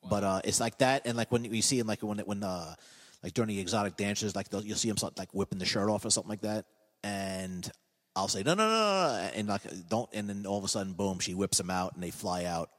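A man, a hypnotist guest on a comedy podcast, telling stories in a casual, animated way and laughing at his own jokes. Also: fairly low pitch, fast, big-room sound.

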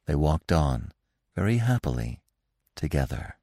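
A man with a deep voice narrates a classic story aloud, with a lively, animated reading. The sound is close and dry. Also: unhurried, creaky, no room sound. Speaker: audiobook narrator.

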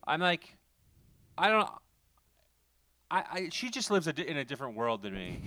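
Smooth-voiced man chatting on a podcast. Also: medium pitch, very animated, moderate pace, long pauses, sharp tone, dry recording. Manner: rambling storyteller, frequent fillers and self-corrections. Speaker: podcast co-host. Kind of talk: casual podcast chat.

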